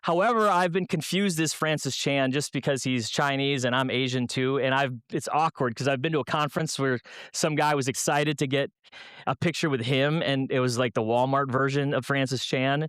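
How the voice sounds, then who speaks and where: A guest speaker from Minnesota entertains a church youth night with funny stories, peppering the room with rhetorical questions. His mid-range voice stays steady, a bit bright, clear, and resonant, moving at a moderate pace. The clip has studio quality with no echo.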